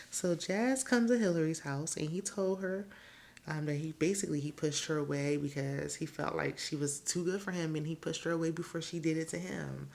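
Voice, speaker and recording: A woman's voice: deep voice, steady tone, normal speed, vocal fry, a little mellow. A woman hosting a casual TV episode recap, chatty and opinionated, with laughing asides. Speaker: TV recap host.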